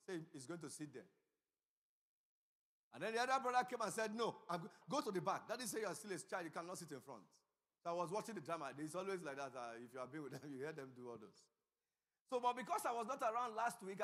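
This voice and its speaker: A middle-aged man preaching a sermon as pastor. He tells stories, swings between loud emphatic peaks and quiet asides, and asks the congregation questions. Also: high voice. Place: church sanctuary. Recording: long hall reverb.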